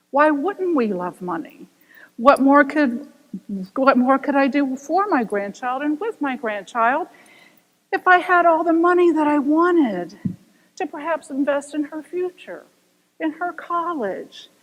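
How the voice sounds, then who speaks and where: An older woman minister giving a sermon, telling stories with animated voices and asking rhetorical questions. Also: high voice. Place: church sanctuary. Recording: long reverb of a church hall.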